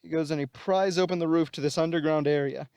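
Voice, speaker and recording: A man's voice: on the high side, steady tone, quick pace, darkish tone, clean tone, no echo, studio quality. A man casually retelling a story plot, rambling with many restarts. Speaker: channel host.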